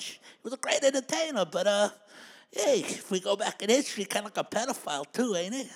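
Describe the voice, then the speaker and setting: A man's voice: medium pitch, fairly bright tone. A man delivering a profane comedic rant, mocking people and laughing at his own jokes.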